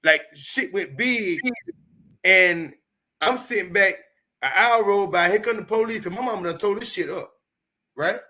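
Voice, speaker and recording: High, bright-voiced man telling stories. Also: normal speed, long pauses. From Chicago, United States. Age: 50s. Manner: animated, profane, emphatic. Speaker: comedian guest. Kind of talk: candid storytelling.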